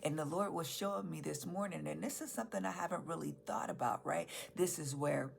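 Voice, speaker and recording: A woman's voice: low-pitched, brisk, gravelly, a little hiss or hum. A woman pastor preaching a sermon to her church in an earnest, emphatic way, repeating key phrases.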